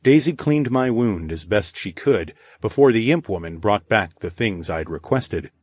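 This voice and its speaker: A man narrating a first-person audiobook in a steady, measured way. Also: lowish voice, no room sound.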